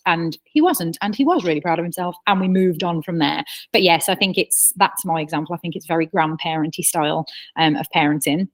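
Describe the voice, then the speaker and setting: A woman's voice: lowish voice, fast. A woman in her thirties presenting a parenting webinar, chatty and explanatory, with personal stories. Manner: chatty, explanatory, with personal anecdotes and acted quotes. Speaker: childcare trainer.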